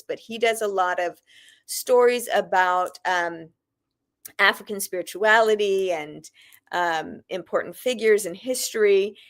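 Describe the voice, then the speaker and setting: Slow, animated woman telling a story. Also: mid-range voice. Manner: animated, emphatic retelling with fillers. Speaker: author guest. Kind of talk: casual storytelling chat.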